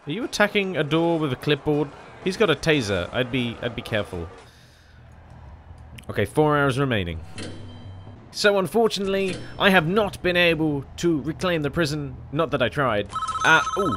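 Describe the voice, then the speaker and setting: A man's voice: mid-range voice, expressive, normal speed, a bit bright, slight background noise. A man giving casual game commentary, chatty and self-deprecating, often breaking into exclamations. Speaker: gaming channel host.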